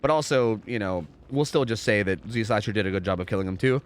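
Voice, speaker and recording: A man's voice: on the low side, quick pace. A young man casually commentating a game live on stream, rambling, repeating himself and swearing freely.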